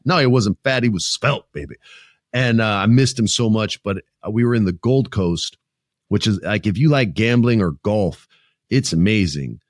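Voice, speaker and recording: A lower-voiced man in his forties chats on his podcast in an animated, profane way. He acts out the people he quotes, and the recording is close and dry. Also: normal speed, no room sound. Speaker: podcast host. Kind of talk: casual podcast chat.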